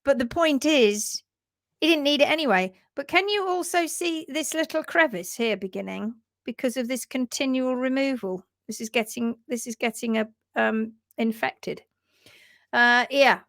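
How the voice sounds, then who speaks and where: A woman's voice: sits high, expressive, normal speed, a bit bright, no echo. A woman hosting a casual livestream, upbeat and chatty, reading out viewer comments and teaching about hoof care.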